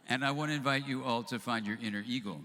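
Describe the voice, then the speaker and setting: An older man giving a live talk to an audience, telling an anecdote and acting out both sides of the dialogue. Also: medium pitch. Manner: animated storyteller who acts out both sides of a dialogue. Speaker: speaker at a live event. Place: event hall. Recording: live hall with long reverb, faint noise.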